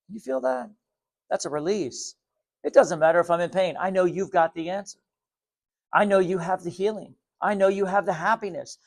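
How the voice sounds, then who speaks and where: A man giving a spiritual talk to viewers, calm, repetitive and gently insistent. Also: high voice, moderate pace, gravelly. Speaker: spiritual teacher.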